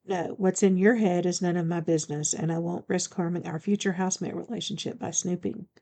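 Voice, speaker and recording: A woman voicing a young-looking female vampire in an audiobook, talking quickly and defensively. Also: on the low side, steady tone, mellow, natural voice.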